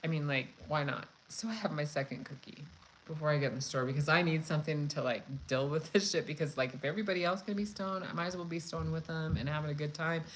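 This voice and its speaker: A woman hosting a cooking channel, chatting casually and telling a story in a frank, profane, animated way. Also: low-pitched, quick pace, slight background noise, rough recording. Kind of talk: casual live chat storytelling.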